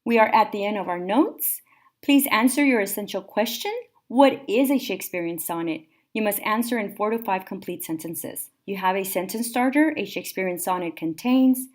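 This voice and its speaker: A woman teacher recording a classroom lecture, explaining step by step in a clear, methodical way. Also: mid-range voice, normal speed.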